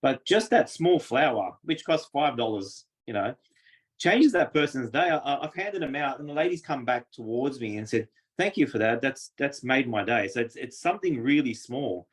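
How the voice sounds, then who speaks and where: A man's voice: mid-range voice, moderate pace. A man with an Australian accent, a guest telling stories in a chatty way and acting out the people he quotes. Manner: chatty, acts out quoted dialogue with lively voices. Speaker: interview guest. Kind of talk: casual storytelling.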